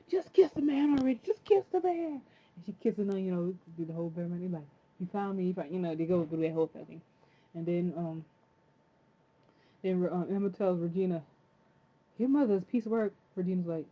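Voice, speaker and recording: A woman giving an excitable, casual recap of a TV episode. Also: lowish voice. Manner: chatty, excitable, says "freaking" often. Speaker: TV episode reviewer. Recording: tinny phone-like audio.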